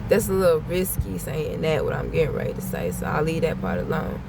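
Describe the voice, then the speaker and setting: Woman, lower register, casual blunt spiritual vlogger who repeats her warnings and swears, traffic noise loud behind her. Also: very animated, fairly quick, vocal fry. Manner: blunt, repetitive, swears freely. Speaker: spiritual vlogger giving a channeled message.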